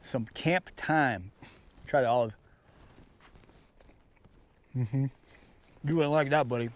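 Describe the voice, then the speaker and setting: A man's voice: mid-range voice, slow pace. A man chatting casually to the camera at a mountain campsite, talking to his dogs as he sets out snacks. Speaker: outdoor vlogger. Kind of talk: casual camp vlog talk.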